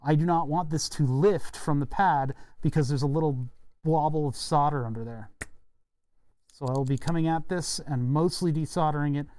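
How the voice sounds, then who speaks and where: A man's voice: a little high, normal speed, a little mellow. A man live-streaming while he solders and repairs a circuit board, thinking aloud in a rambling, casual way with self-deprecating asides. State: hiccuping and burping. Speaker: streamer building electronics.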